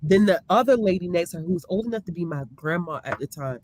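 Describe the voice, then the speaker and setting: Animated woman telling a funny story. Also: on the low side, quick pace. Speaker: library worker. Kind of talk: casual storytelling chat.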